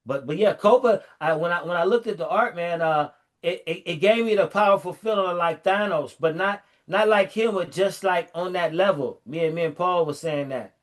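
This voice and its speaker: A middle-aged man in casual chat, animatedly retelling a story and acting out the lines in a lower voice. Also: moderate pace. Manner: animated storyteller, fillers and restarts, acts out quotes in a lower voice.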